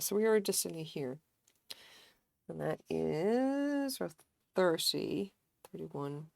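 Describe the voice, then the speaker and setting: A woman's voice: sits low, brisk, creaky. A woman livestreaming her crochet work, chatting casually, swearing now and then, and muttering pattern notes to herself. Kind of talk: casual live-stream chat while crocheting.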